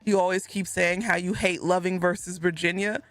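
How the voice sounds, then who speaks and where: A woman streaming live, chatting casually with her chat, animated and laughing a lot as she banters. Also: on the low side, moderate pace, no room sound, faint music behind. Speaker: gaming streamer.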